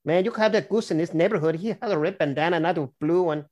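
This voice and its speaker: A man's voice: fairly high pitch, quick pace, a little mellow, pitched above the performer's own voice, lightly acted. A man voicing a cocky male street gang member with swaggering, slangy street talk.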